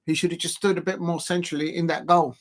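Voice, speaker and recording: Talking fast in a high-leaning voice with flat delivery, he hosts a relaxed football watch-along stream, lifting weights, rambling chattily and laughing often.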